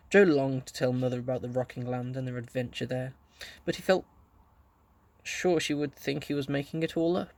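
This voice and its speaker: A man reading a children's story aloud, gently telling it and lightly voicing the characters. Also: medium pitch, steady tone, normal speed. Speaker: audiobook reader.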